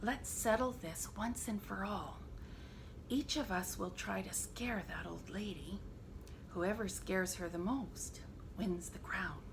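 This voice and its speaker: A woman's voice: sits high, very animated, takes it slowly, few pauses, background noise, voice pushed up, heavily acted. A woman doing a proud squabbling lion. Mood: whispering. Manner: scheming hushed whisper.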